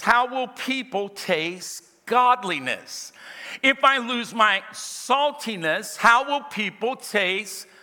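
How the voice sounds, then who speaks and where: A man's voice: high-pitched, sharp tone. A man preaching a sermon, telling his own story and calling on the congregation to repeat key phrases back to him. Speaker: pastor. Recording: long hall reverb.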